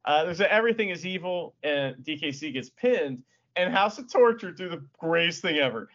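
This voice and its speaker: A man's voice: fairly high pitch, lively intonation, normal speed, fairly bright tone, slight background noise. A man co-hosting a podcast, chatting casually and animatedly about wrestling, laughing often and swearing. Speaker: podcast co-host. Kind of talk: casual wrestling recap chat. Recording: dull lo-fi audio.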